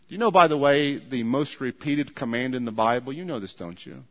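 A man's voice: medium pitch, fairly quick, hardly any pauses, fairly bright tone. A man preaching a sermon, earnest and repetitive, acting out imagined people as he goes. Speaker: pastor. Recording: long hall reverb.

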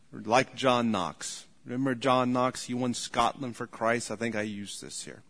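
A man's voice: medium pitch, a bit bright. A man preaching a sermon, telling folksy stories, repeating his points and chuckling as he speaks. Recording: long hall reverb.

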